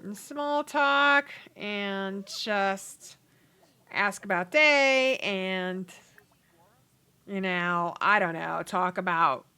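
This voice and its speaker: A woman's voice: medium pitch, pushed and bright, clear, resonant tone. A woman hosting a casual let's play, chatting freely and swearing as she narrates the game. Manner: chatty, swears, laughs, voices characters. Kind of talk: casual gameplay commentary.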